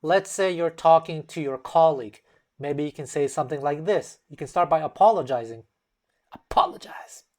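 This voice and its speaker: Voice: mid-range voice, a little fast, darkish tone. A language-lesson host explaining step by step in a casual way and acting out example phrases in shifting tones.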